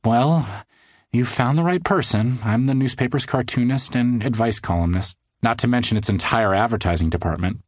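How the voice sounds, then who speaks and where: A man's voice: medium pitch, expressive, moderate pace, slightly rough, no echo, clean studio sound, pitched above the performer's own voice. A man voicing a tired, nervous young woman who works as a newspaper cartoonist in a children's audiobook, earnest in manner. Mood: friendly.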